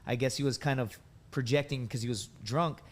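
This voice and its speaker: A man in his thirties from the United States spins long, rambling stories, padding them with likes and dudes. His voice sits at a middling pitch and has an easy, conversational flow. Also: fairly even intonation, a little fast. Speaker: podcast guest, veteran and comedian. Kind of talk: casual storytelling.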